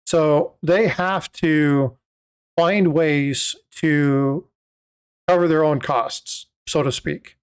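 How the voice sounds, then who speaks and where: A man with a fairly high speaking voice hosts a casual livestream. He explains at length in loose, rambling sentences full of filler sounds and restarts. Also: steady tone, drawn-out words, clear, resonant tone. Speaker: host of a coin livestream.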